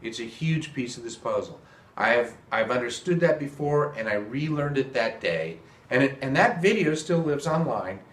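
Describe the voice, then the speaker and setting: A man's voice: mid-range voice, fairly bright tone, echoey room. A man giving a casual video lesson on trumpets, earnest and repeating key points for emphasis. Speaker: trumpet teacher.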